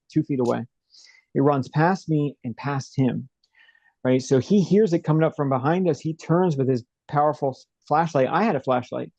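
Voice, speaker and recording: A man's voice: mid-range voice, a little mellow, dry recording, lo-fi sound. A young man as an interview guest, telling a story in a rambling, casual way with many fillers and restarts.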